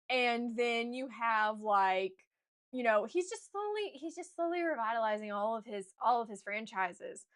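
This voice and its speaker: A young woman author chatting casually to her stream viewers, telling an animated, gushing story with restarts. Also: a little high, measured pace. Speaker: author streaming a writing session.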